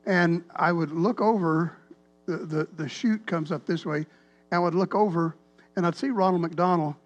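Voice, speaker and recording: A man, a pastor telling a rambling, animated story in a sermon. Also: a little high. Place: church sanctuary.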